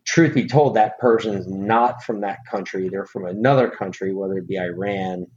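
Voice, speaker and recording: A man's voice: low voice, moderate pace, a little mellow. A middle-aged man from the United States co-hosting a podcast, chatting casually in a rambling, profane, emphatic way. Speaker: podcast co-host. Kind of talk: casual chat. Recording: dull lo-fi audio with faint hiss.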